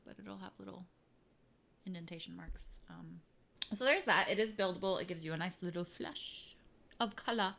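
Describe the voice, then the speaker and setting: A woman's voice: on the low side, normal speed, gravelly, a bit bright, soft background music. A woman chatting casually through a makeup tutorial, playful and prone to silly mock-dramatic asides. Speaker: beauty vlogger.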